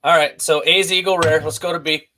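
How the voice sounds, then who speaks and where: A man's voice: fairly high pitch, steady tone, brisk, background noise. A man chatting as a guest on a casual tasting livestream, teasing and coy.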